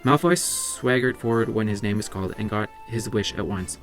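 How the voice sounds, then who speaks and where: Man, low voice, reading a novel aloud, brisk, small slips, faint music behind. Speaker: library book club reader.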